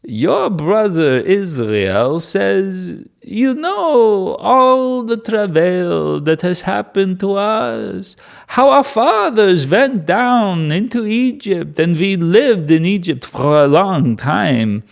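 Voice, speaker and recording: A man voicing an old Hebrew prophet with a Yiddish accent, pleading in a stately, drawn-out way. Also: high voice, big pitch swings, vocal fry, pitched above the performer's own voice, exaggerated voice.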